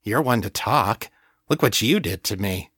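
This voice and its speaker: A man voicing a playful, teasing young woman in an audiobook story, raised above his usual pitch. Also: lively intonation, a little slow, a bit bright, breathy edge, no room sound, studio quality, heavily acted.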